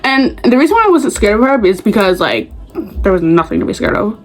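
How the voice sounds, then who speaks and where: A young woman vlogger telling school stories in casual chat, animated and acting out the other people's voices. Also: mid-range voice, fairly quick, faint music behind, poor audio. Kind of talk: casual storytime.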